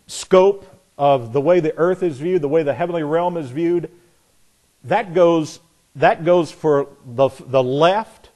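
Pitched on the high side, a man delivers a sermon with folksy sarcasm. He acts out imagined voices in quotes and gets louder when he lands a punchline.

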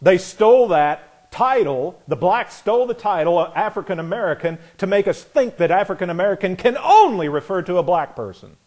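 Fairly high-voiced for a man, this preacher gives an animated, fairly quick sermon with hardly any pauses and a breathy edge. Folksy and sarcastic, he takes on the voices of imagined people to argue his point, and he gets much louder as he drives each line home.

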